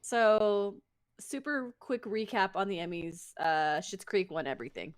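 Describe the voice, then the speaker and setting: A woman co-hosting a podcast in casual chat, talkative and quick to laugh at her own slips. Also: mid-range voice, smooth, no room sound. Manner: chatty, laughs at herself, quick restarts. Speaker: podcast co-host.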